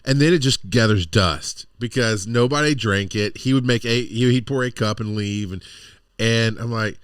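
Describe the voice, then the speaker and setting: A man's voice: fairly low pitch, moderate pace, clear, resonant tone, dry recording. Dry-voiced man telling rambling stories. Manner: rambling storyteller, exasperated asides. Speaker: podcast co-host. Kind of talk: casual chat.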